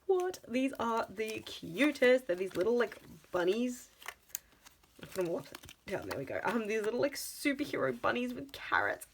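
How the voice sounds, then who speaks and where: A woman, chatting excitedly in a casual budgeting vlog, full of gasps and exclamations. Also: fairly high pitch, fairly quick, slight background noise, low-quality recording. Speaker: budgeting vlogger.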